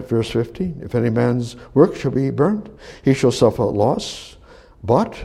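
A man preaching a sermon, reading scripture aloud and commenting on it, swinging from loud emphatic rises to hushed near-whispers. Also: medium pitch, gravelly, slightly rough. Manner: reads scripture aloud and comments between verses.

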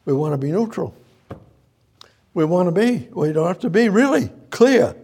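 Gravelly, husky-voiced man preaching a sermon. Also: high-pitched, sing-song, a little mellow. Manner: halting, repeats himself, rhetorical questions.

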